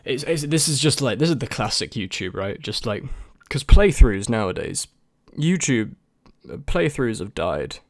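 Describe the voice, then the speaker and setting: A man's voice: mid-range voice, big pitch swings, normal speed, hardly any pauses, no echo, studio quality. A young man and YouTube creator in casual chat, answering viewer questions in a rambling, hesitant way with many restarts.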